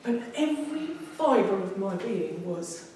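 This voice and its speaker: A woman's voice: medium pitch, animated, takes it slowly, darkish tone, a little hiss or hum. A woman, telling a personal story in a speech to a public speaking club, emotional and often repeating phrases as she goes. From England. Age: 50s. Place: meeting room. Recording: very echoey room from a distance.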